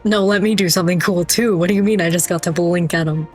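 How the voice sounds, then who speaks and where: A woman's voice: on the low side, steady tone, darkish tone, soft background music. A young woman giving casual, playful and sweary commentary while playing a video game. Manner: playful, sweary and quick to laugh. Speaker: gaming streamer.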